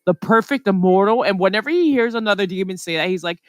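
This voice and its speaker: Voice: mid-range voice, lively intonation, fast, no room sound. A podcast co-host chatting casually, rambling through stories with lots of fillers. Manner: rambling, filler-heavy storytelling. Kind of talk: casual chat.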